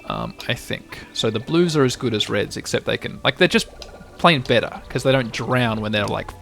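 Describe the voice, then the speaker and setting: Gravelly man thinking aloud over gameplay. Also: mid-range voice, animated, moderate pace, fairly bright tone, faint music behind. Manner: thinks aloud, frequent restarts. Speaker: let's play host. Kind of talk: casual gameplay commentary.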